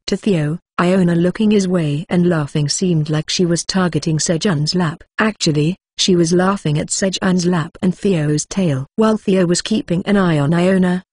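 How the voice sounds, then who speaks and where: Low, husky woman reading a story. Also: a little mellow. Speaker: narrator. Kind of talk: audiobook narration of a web novel.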